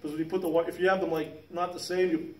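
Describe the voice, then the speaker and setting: A man's voice: high voice, flat delivery, quick pace, darkish tone. A man in his fifties telling a rambling, profane work story in casual chat, laughing as he goes. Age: 50s. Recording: roomy sound from a distant mic.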